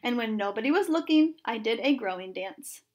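A woman teacher reading a children's story aloud in an expressive storytelling manner. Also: a little high, moderate pace.

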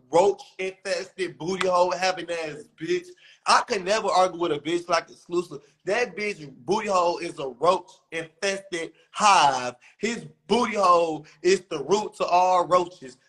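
Young man, high-pitched, profane comedic rant with over-the-top mocking bits. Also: a bit bright, low-quality recording. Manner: profane, exaggerated ranting, mocking falsetto impressions.

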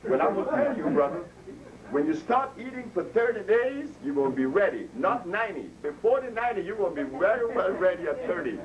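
A man's voice: high voice, sing-song, fairly quick, crowd noise. A man speaking casually to a live audience, telling stories, laughing at his own jokes and acting out the voices of people he quotes. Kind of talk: informal health talk to an audience. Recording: distant mic with faint noise.

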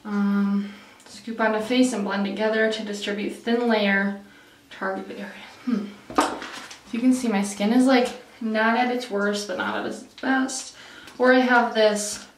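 A young beauty vlogger rambles casually to camera, full of "like" and "um," breaking off mid-sentence. Her mid-range voice is unhurried but far from the mic, with roomy echo and a little hiss or hum.

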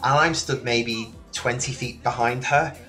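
A man from near Liverpool in England, a guest telling his story in a relaxed interview, lively and full of restarts. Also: medium pitch, a little slow, soft background music. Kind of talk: casual interview chat. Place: remote call from another country than the host.

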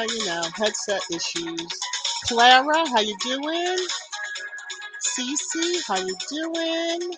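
A woman hosting a casual live stream, greeting viewers one by one by name and lifting her voice on each greeting. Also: fairly high pitch. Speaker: livestream host. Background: soft background music.

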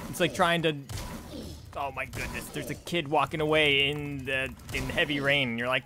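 A man's voice: medium pitch, steady tone, normal speed, bright, forceful tone, slight background noise. A young man commenting casually on his video game playthrough, chatty and easily distracted. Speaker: gameplay streamer. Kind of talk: casual let's-play commentary.

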